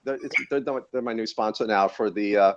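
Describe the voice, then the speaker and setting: A man's voice: on the low side, a little fast, dull audio, crowd noise. A man who tests batteries, talking in a casual podcast chat in a wry, rambling, self-correcting way. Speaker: battery tester and guest.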